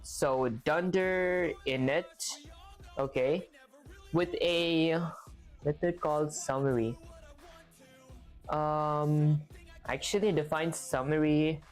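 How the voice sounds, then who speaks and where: A man's voice: fairly high pitch, steady tone, takes it slowly, pauses often, soft background music. A man on a live stream, chatting casually with his viewers while working through programming exercises, filling his talk with "like". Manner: chatty, lots of "like" fillers, talks to chat. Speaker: livestreamer learning to code.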